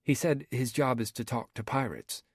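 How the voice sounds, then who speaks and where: A man's voice: medium pitch, moderate pace, breathy edge, no room sound, studio quality, natural voice. A man reading an audiobook, voicing a bold young woman filmmaker who asks direct, eager questions. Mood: curious.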